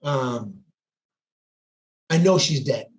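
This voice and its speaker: This podcast guest, a police sergeant, speaks extremely slowly in a mid-range voice, yet stays animated and intense. He acts out people's lines while telling a casual story, and the recording has an echoey room sound.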